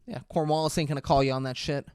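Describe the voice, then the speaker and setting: A young man co-hosting a podcast, teasing his partner and swearing in quick banter. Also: a little high, steady tone, darkish tone, clean tone, no room sound, clean studio sound. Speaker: podcast co-host. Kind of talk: casual film review chat.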